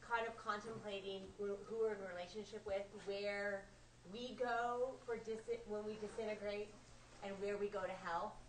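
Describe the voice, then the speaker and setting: A woman wraps up a workshop with rambling, earnest thoughts. She sits well back from the mic in a roomy space, and steady room noise runs under her voice. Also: mid-range voice, normal speed. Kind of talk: closing remarks to a group. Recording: roomy, distant, noisy room.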